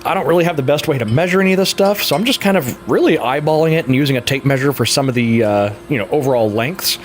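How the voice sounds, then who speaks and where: A hobby frame builder and vlogger casually narrates building a bicycle frame in his workshop, his medium-pitched voice quick and expressive. Laid-back, he chuckles often and drops plenty of "uh" fillers, with a little hiss or hum in the audio.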